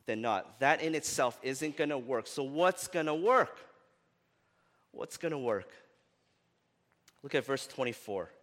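A male pastor preaching a sermon in a casual, conversational way, often rising for emphasis. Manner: animated, often rising in pitch and loudness for emphasis; conversational with fillers like "right?" and "like". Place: church. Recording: long reverb of a church hall.

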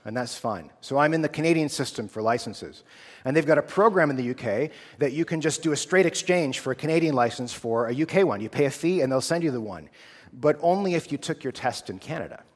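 A man's voice: mid-range voice, lively intonation, brisk. A man in his thirties from the United States, a theology student telling a personal testimony in an earnest, casual storytelling way. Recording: long hall reverb.

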